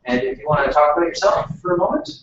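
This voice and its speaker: A man's voice: a little high, lively intonation, fast. A man running a workshop, talking casually with lots of fillers and restarts. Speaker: workshop facilitator. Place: meeting room. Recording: echoey room from far off, muffled, noisy.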